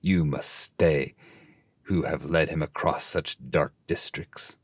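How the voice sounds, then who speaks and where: A man's voice: very deep voice, steady tone, slow, slightly rough, no echo, full character voice. A man reading the lines of angry fallen angels guarding a gate, scornful and commanding. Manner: scornful, commanding verse speech.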